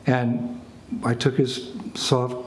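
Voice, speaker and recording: An older American man, a spiritual teacher, telling a lively story to a small group. He laughs and acts out phrases as he goes. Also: mid-range voice, takes it slowly. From United States. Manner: animated anecdotes, laughs, acts out French phrases. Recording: echoey room with faint ambient noise.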